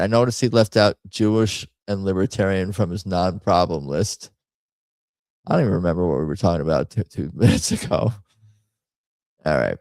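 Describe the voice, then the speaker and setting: A man's voice: sits low, normal speed, darkish tone, no echo. A man hosting a casual livestream, rambling through memes with wry asides and frequent restarts. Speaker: host.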